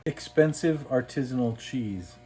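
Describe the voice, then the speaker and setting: A man's voice: mid-range voice, measured pace, warm tone, a little hiss or hum. A man co-hosting a cooking show, trading goofy, teasing banter with his partner. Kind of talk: casual cooking chat.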